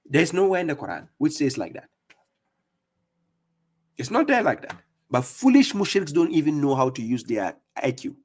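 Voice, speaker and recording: A man giving scolding religious commentary on a live stream, mocking opponents and reading verses slowly. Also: fairly high pitch, sing-song, darkish tone. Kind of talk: preaching commentary on played clips.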